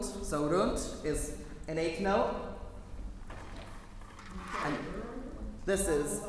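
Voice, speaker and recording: Choir director, male, high voice, chatty and detailed, long hall reverb. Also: very slow, long pauses. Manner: chatty, detailed, self-correcting. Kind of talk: choir rehearsal instruction. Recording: echoey hall, faint noise.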